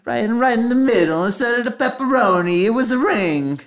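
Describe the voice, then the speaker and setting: A woman's voice: a little high, animated, roomy sound, natural voice. A woman voicing a boastful Italian-American man with an over-the-top comic Italian accent. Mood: hammy. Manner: exaggerated cartoonish Italian accent, drawn-out phrases.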